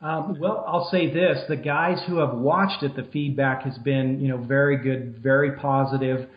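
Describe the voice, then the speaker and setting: A man's voice: mid-range voice, moderate pace. A man from Arizona explains technique at an easy pace, full of ums and restarts. His voice comes through a muffled phone line. The room around him echoes. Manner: relaxed, explanatory, many fillers. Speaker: elk hunting guide.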